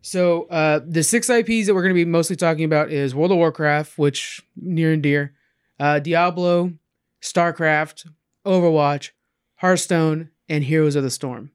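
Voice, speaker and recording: A man's voice: a little high, unhurried, smooth. A man co-hosting a casual gaming chat, laid-back and slangy, explaining things to listeners. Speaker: podcast co-host.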